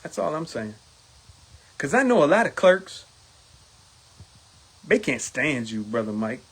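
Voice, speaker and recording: Animated husky man, talking. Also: fairly high pitch, a little slow. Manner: animated, acts out quoted exchanges in a raised voice. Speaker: union steward. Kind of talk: casual video monologue.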